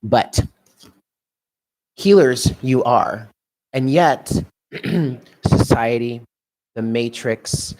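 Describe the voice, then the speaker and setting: A man's voice: medium pitch, very slow, long pauses, darkish tone. A man doing a live tarot reading, talking in a musing, chatty way and often laughing to himself. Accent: New York. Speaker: tarot reader.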